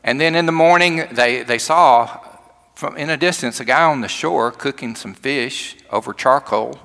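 A man preaching a sermon in a church, telling stories in a folksy way that swings from loud to hushed. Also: mid-range voice, moderate pace, vocal fry, long reverb tail. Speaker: pastor.

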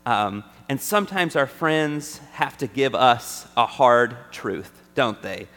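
A man's voice: medium pitch, animated, slow, bright, forceful tone. A man preaching a conversational sermon to a congregation, often checking in with his listeners with "right?". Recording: long hall reverb.

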